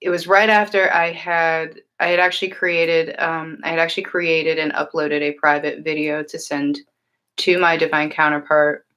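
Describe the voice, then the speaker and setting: Woman, livestream host, low-pitched, earnest, rambling, lots of fillers. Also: little pitch movement, moderate pace, fairly bright tone. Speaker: livestream host and tarot reader. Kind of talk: casual livestream chat answering viewers.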